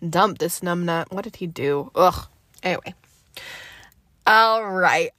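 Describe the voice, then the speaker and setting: A young woman hosting a casual solo podcast, chatty and animated, veering into fired-up rants. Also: medium pitch, no echo. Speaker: podcast host.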